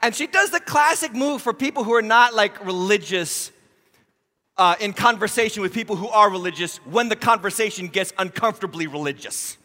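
A man as lead pastor, preaching a sermon with animated, humorous storytelling that acts out Bible scenes. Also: high voice, fairly quick, in a large hall.

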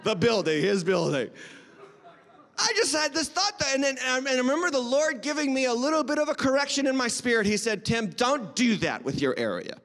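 A high-voiced man from New England preaches in an emphatic, conversational way, with light humor and direct asks to the people in the pews. His voice rings out through a church sanctuary with a long reverb trailing each phrase. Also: very animated, a little fast, a bit bright. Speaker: pastor. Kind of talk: sermon.

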